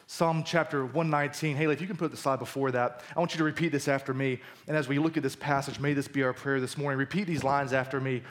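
A man's voice: medium pitch, steady tone, quick pace, hardly any pauses. A man preaching a sermon as pastor at a church service, reading scripture and explaining it in a conversational, emphatic way.

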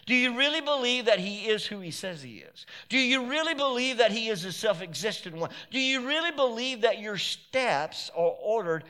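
A pastor preaching a sermon in an emphatic, repetitive way that builds to shouted peaks. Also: male voice, sits high, very animated, normal speed, hardly any pauses.

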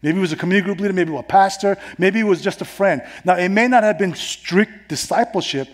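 Male pastor from New York, husky and breathy, animated sermon delivery with loud and hushed swings. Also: sits high, fast talker. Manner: animated preaching, swinging between loud emphasis and hushed tones. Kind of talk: sermon with personal story.

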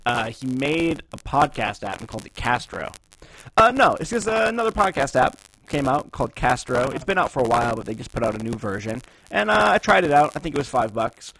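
Relaxed man in casual tech chat. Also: medium pitch, brisk, no echo, low-quality recording. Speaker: podcast co-host.

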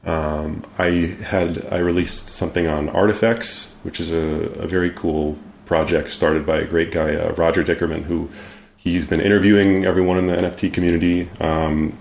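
Deep-voiced man, halting casual chat. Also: little pitch movement, gravelly, roomy sound. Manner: hesitant, many ums and restarts. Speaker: guest artist.

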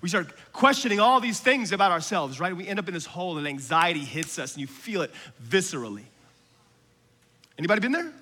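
A man preaching a sermon with passion, building to shouts on key lines. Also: high voice, big pitch swings, a little fast, in a large hall, slight background noise.

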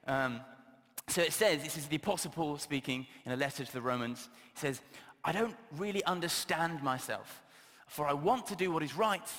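A man's voice: on the high side, fairly bright tone. A man giving a casual, humorous sermon, chatty and self-deprecating, with plenty of filler words. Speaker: preacher. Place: church hall. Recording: long reverb of a church hall.

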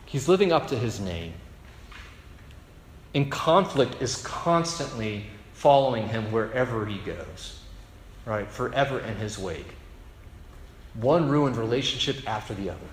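A man preaching a sermon in a casual storytelling way, checking in with the room through quick asides. His voice carries the long ringing echo of a large church hall. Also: medium pitch, a little hiss or hum. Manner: storytelling, conversational with rhetorical asides. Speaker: pastor. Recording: echoey hall reverb.

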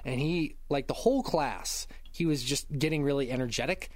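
A man hosting a podcast, telling a story in casual chat, animated and swearing freely while acting out loud shouts, on a close microphone at home. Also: mid-range voice, moderate pace, dry recording. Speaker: podcast host. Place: home room. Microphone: close podcast mic.

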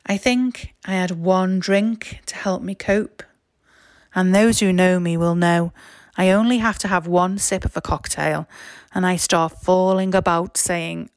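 A woman with a Liverpool accent, reading her own memoir stories aloud in a wry, self-mocking, expressive way. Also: on the low side, vocal fry, no echo, clean studio sound. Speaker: author and narrator. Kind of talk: memoir storytelling, read aloud.

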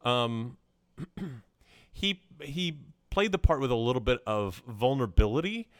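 Male podcast co-host of middle pitch, thoughtful and explanatory, recorded dry and close. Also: animated, no room sound. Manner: measured, explanatory, with hesitations. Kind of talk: casual movie chat.

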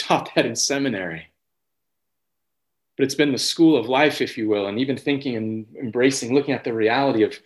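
Male pastor, mid-range voice, earnest sermon delivery with frequent restarts and prayerful lifts. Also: mid-range voice. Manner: earnest, halting restarts, rises when voicing prayer.

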